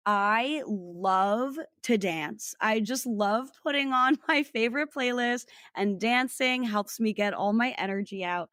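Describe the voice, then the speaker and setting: A woman's voice: on the high side, unhurried, hardly any pauses, fairly bright tone, no echo, clean studio sound. A young woman from New Jersey, a food content creator talking as a podcast guest in a bubbly way, often laughing as she speaks. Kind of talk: casual interview chat.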